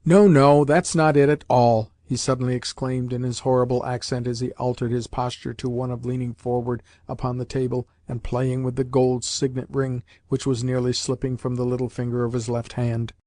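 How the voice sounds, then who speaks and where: A man reading a novel aloud in measured, even scripted narration. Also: mid-range voice, no echo. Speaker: audiobook narrator.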